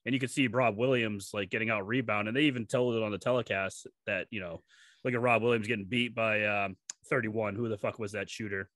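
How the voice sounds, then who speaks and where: Casting note: New England man, bright and forceful, dry close mic, blunt and profane podcast co-host. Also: fairly low pitch, steady tone, fairly quick, dry recording. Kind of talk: casual sports chat.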